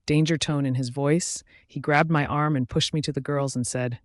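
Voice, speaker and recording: A man's voice: mid-range voice, fairly even intonation, moderate pace, few pauses, no echo, studio quality. Man narrating a romance audiobook. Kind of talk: first-person audiobook narration.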